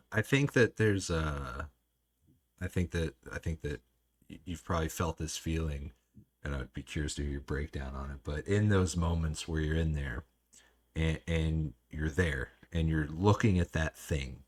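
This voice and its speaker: Deep-voiced reflective man. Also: a little slow. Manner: reflective, searching for words. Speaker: podcast host. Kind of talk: casual chat.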